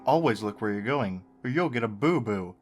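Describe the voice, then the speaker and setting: A man's voice: on the low side, lively intonation, moderate pace, faint music behind, close to an everyday voice. A man voicing a cheerful, sinister male apple puppet in a sing-song, falsely cheerful way.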